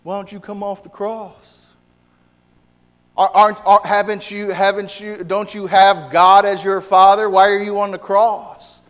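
A man's voice: high-pitched, level tone, a little slow, fairly bright tone, big-room sound, voice pushed up. A man voicing a sneering male mocker at the cross, taunting in a whiny, mocking tone.

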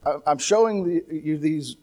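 A man's voice: fairly high pitch, moderate pace, a little mellow. A man preaching a sermon in a conversational way, with restarts and asides, lifting his voice when he quotes scripture. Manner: talks with restarts and asides, light laughs.

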